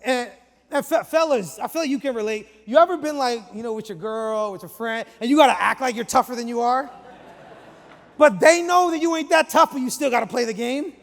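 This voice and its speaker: High-voiced pastor in an echoey hall. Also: male voice, fairly quick, gravelly. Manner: animated, chatty storytelling with slang. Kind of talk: sermon with humorous storytelling. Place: church auditorium. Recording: echoey large church hall.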